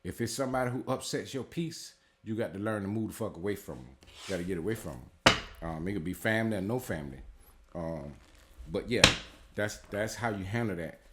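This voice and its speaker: A man's voice: fairly low pitch, animated, fairly quick, very noisy. A man in a casual spiritual advice talk as a tarot reader, blunt and heavily profane, rambling and repeating himself with lots of fillers.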